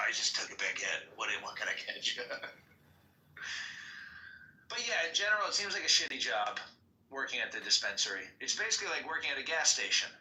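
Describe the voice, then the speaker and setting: A man in casual chat who talks slowly and deliberately, with a slight lisp. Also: mid-range voice, sharp tone, recorded from a distance. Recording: echoey room with faint noise.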